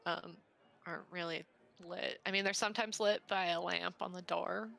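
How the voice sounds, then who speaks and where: A woman running a tabletop game as game master, narrating the scene calmly with small fillers. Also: fairly low pitch, moderate pace, vocal fry.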